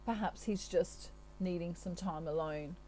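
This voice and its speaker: A woman's voice: lowish voice, unhurried, mellow, a little hiss or hum, low-quality recording. A woman from Australia giving a channelled tarot reading in a chatty, reassuring way, with many asides. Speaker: tarot reader.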